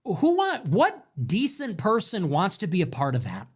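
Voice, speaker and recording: A man's voice: sits high, wildly swooping pitch, normal speed, husky. A man delivering a heated, sarcastic political rant as a commentator, firing off rhetorical questions and curses.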